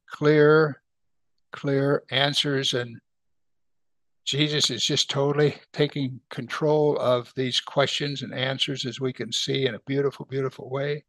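A man teaching verse by verse from the Bible, reading passages slowly and then explaining them with emphasis. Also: mid-range voice, fairly bright tone, no echo. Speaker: preacher.

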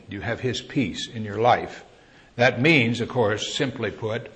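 A man's voice: mid-range voice, unhurried, fairly bright tone. A man preaching a sermon in a conversational teaching style, asking his listeners questions and lifting his voice on key words. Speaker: pastor.

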